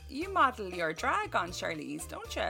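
A woman's voice: medium pitch, wildly swooping pitch, moderate pace, gravelly, over music. An Irish woman co-hosting a podcast, chatting casually and teasing her co-host playfully. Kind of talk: casual chat.

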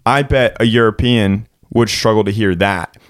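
A young man with a low voice chats casually and teases his friends on a podcast. The recording is dry and close. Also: moderate pace, no echo. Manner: teasing, questioning. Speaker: podcast co-host. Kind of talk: casual chat.

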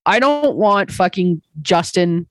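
A woman's voice: on the low side, takes it slowly, no room sound, rough recording. A woman comedian in a casual podcast chat, telling stories with swearing and acted-out exchanges. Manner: animated storytelling, swearing, acting out exchanges. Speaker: comedian guest.

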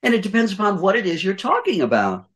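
Hombre mayor que aconseja con énfasis. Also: male voice, sits high, wildly swooping pitch, quick pace, a bit bright. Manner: emphatic, rhetorical questions, repeats key points. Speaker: guest voice-over coach. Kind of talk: podcast conversation, giving advice.

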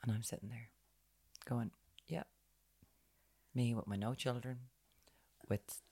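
An Irish woman co-hosting a chatty podcast, telling stories animatedly and acting out other people's words, often dropping to a hushed voice. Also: very deep voice, slow, slightly rough. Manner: animated storyteller who acts out quotes, often dropping to a hushed voice. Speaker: podcast co-host. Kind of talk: casual chat, storytelling.

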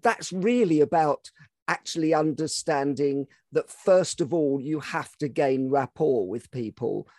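A man with a fairly high speaking voice hosts a conversational interview, taking his guest's points further in a thoughtful way. The recording is close and dry. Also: lively intonation, a little slow, dark tone, no echo. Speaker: podcast host.

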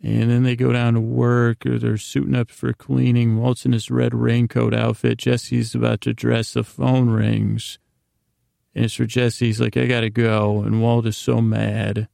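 A man's voice: medium pitch, little pitch movement, unhurried, vocal fry, dark tone, no room sound, studio quality. A man hosting a podcast, casually retelling a TV episode in a loose storytelling way, full of "he goes" and "like" asides. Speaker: podcast host.

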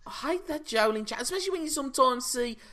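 A man's voice: very high voice, animated, quick pace, bright, forceful tone. An opinionated, teasing man from England co-hosting a casual wrestling chat show, rambling through his points. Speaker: podcast co-host.

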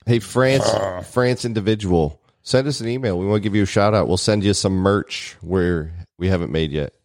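A man's voice: deep voice, brisk, a little mellow, dry recording, clean studio sound. A young adult man co-hosting a podcast in casual banter, joking and rambling, laughing often. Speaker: podcast co-host.

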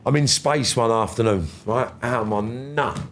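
A man's voice: medium pitch, moderate pace. A middle-aged man, a podcast guest telling stories casually, acting out conversations with slang and swearing. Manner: animated, acts out dialogue with slangy swearing. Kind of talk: casual storytelling interview.

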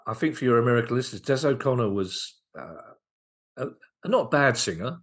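A man's voice: mid-range voice, lively intonation, a bit bright. A man, a guest comedian, chatting casually on a podcast and telling anecdotes, often stopping and restarting mid-sentence. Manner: anecdotal, halting with frequent restarts.

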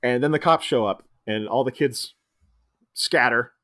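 A man co-hosting a casual movie chat, retelling scenes and jumping into squeaky impressions of the characters, often laughing. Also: measured pace, bright, forceful tone. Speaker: podcast co-host.

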